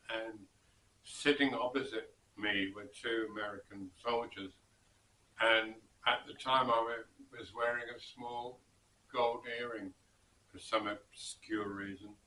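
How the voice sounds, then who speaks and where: A man recounts an old story at an unhurried pace, drifting and pausing as he goes. His voice is bright and clear. He sits back from the mic in an echoey room. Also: mid-range voice, recorded from a distance, slight background noise. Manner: slow and rambling, with pauses and self-corrections. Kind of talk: casual spoken storytelling.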